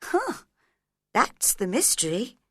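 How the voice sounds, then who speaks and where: A woman voicing a curious young girl in a storybook reading, bright and lightly fretful as she wonders aloud. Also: fairly high pitch, wildly swooping pitch, takes it slowly, husky, dry recording, studio quality, exaggerated voice. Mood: wondering.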